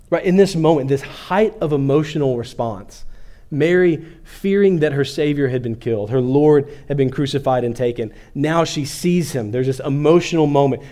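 Warm-toned man preaching conversationally. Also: medium pitch. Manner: conversational preaching, rising to emphasis then dropping soft. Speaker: pastor. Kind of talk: sermon.

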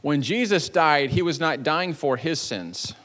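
A man's voice: fairly high pitch, animated, fairly bright tone. Playful man preaching in a reverberant church. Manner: playful, jokey storytelling with quick asides. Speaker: pastor. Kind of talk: sermon. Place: church sanctuary.

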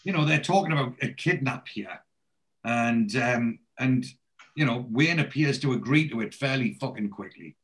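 A man's voice: mid-range voice, animated, normal speed, fairly bright tone. A man casually recapping a TV episode, rambling and swearing freely as he acts out the characters' lines. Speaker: podcast host recapping a TV show. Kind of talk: casual chat.

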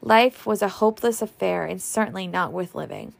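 A woman reading a novel aloud, expressive and changing her voice for the characters. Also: mid-range voice, a little fast, gravelly. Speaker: audiobook reader.

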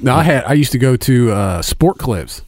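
A man's voice: mid-range voice, animated, moderate pace, no echo, clean studio sound. A middle-aged man chatting casually as a podcast co-host, rambling through stories with many fillers and heavy swearing. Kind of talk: casual chat.

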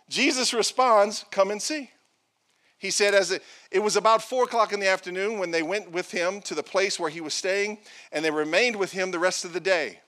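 A man's voice: high-pitched, animated, normal speed, bright, forceful tone. A male pastor preaching a sermon, reading scripture aloud with playful asides and acted-out quotes.

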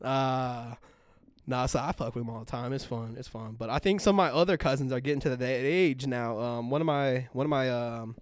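A man's voice: medium pitch, a little fast, dry recording, clean studio sound. A young man co-hosting a podcast in casual chat, swearing freely, laughing often and acting out the people in his stories. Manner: animated, profane, laughs often, acts out quoted people. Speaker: podcast co-host.

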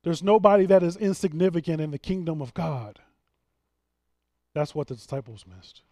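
Pastor, male, mid-high voice, dry close sound, emphatic sermon delivery with restarts. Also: normal speed, warm tone, no room sound. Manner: earnest, emphatic preaching with frequent restarts.

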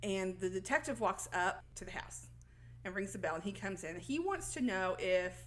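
A woman's voice: medium pitch, expressive, normal speed, slight background noise. A woman co-hosting a casual podcast, retelling a film's plot and laughing often as she goes. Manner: laughs often, acts out lines while retelling. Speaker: podcast co-host. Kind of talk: casual plot recap chat.

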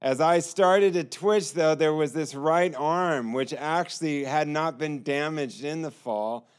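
A man's voice: on the high side, unhurried, clear, resonant tone. A man telling his personal testimony in an earnest storytelling manner, acting out the lines of others. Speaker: testimony speaker.

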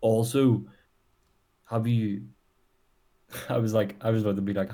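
A man's voice: on the low side, flat delivery, measured pace, dark tone. A young man with a Northern Irish accent, co-hosting a podcast in rambling, swearing casual chat with mock rants. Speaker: podcast co-host.

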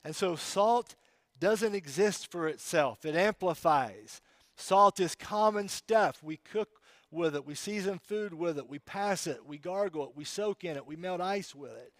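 A man preaching a sermon as pastor, emphatic, swinging from loud declarations to quiet asides. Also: high-pitched, measured pace, no room sound.

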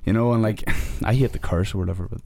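A man's voice: lowish voice, fairly even intonation, fast talker, creaky, warm tone, no room sound. A man with a Northern Irish accent, a fighter guest on a podcast, ranting heatedly and swearing a lot. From Northern Ireland. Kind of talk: casual podcast chat.

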